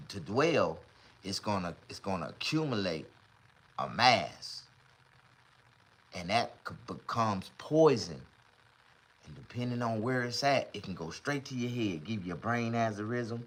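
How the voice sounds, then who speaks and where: On a livestream, a middle-aged man chats casually, alternating between loud mock crying and low muttering.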